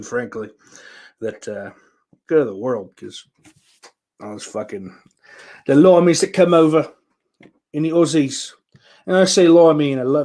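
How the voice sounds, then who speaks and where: A man hosting his own podcast alone, rambling from one thought to the next with plenty of swearing. He has a middle-pitched voice and breaks into sudden loud bursts before dropping back to a mutter. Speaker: podcast host. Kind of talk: rambling solo podcast chat.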